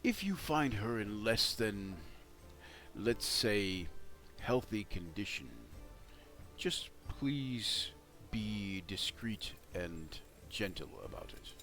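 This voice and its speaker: A man narrating as game master of a tabletop game, talking in halting starts with many fillers, with faint music behind. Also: fairly low pitch, expressive, fairly bright tone.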